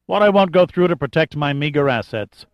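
A man's voice: fairly high pitch, expressive, brisk, no echo. A dry-witted, gloomy male sidekick in an audiobook, grumbling his jokes in a mock-weary tone, as a male narrator puts him on. The sound is dull and lo-fi, with a dead, dry room. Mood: sardonic. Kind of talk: audiobook character voice.

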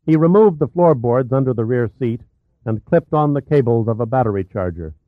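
A man narrating a thriller audiobook in an even, measured storytelling manner. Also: mid-range voice, no room sound. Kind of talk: scripted narration. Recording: tinny phone-like, dry.

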